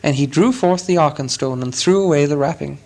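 A man narrating an audiobook in a measured storytelling manner. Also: on the high side, a little mellow.

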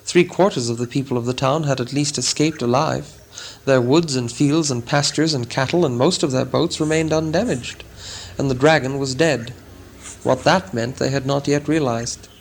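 A man reading a fantasy story aloud in a dramatic, deliberate storytelling manner. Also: medium pitch, vocal fry. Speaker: audiobook narrator. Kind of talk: scripted narration.

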